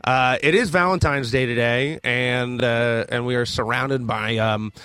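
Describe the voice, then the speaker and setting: Profane radio co-host. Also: male voice, mid-range voice, steady tone, a little slow, sharp tone, smooth, dry recording. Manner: profane, rambling, joking, with many fillers. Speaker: announcer and co-host of a comedy talk show. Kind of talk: crude comedic banter. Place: radio studio.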